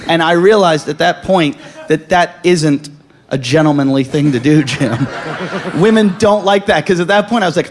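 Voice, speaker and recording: High-voiced man telling rambling stories. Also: expressive, normal speed. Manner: rambling, profane storytelling with stammered restarts. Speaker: comedian and podcast co-host. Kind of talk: live comedy podcast banter. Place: live show on stage before an audience.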